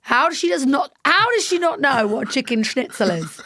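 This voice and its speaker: Brief: woman, podcast co-host, lively storyteller with slight aligner slur, higher voice, dry close mic. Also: normal speed, dry recording. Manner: animated storyteller, mimics her mum, swears. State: slurring through dental aligners. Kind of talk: casual chat.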